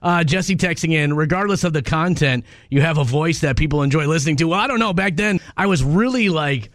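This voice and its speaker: A man's voice: a little high, a little fast, a bit bright, no echo. A man hosting a radio morning show in a studio, chatting casually and poking fun at himself. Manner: chatty and self-deprecating. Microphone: studio microphone.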